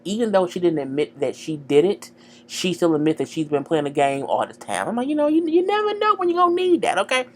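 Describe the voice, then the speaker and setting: A woman casually recapping a TV episode, slangy and animated, talking straight to her viewers. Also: on the low side, quick pace. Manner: animated, slangy, acts out dialogue, chats to viewers. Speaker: TV show recapper.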